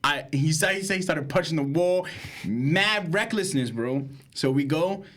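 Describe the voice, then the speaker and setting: A young man, co-hosting a podcast and telling a wild story in slangy casual chat, acting out quotes and laughing. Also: unhurried. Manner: animated, slangy, acts out quotes with big pitch jumps and laughter. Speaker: podcast co-host.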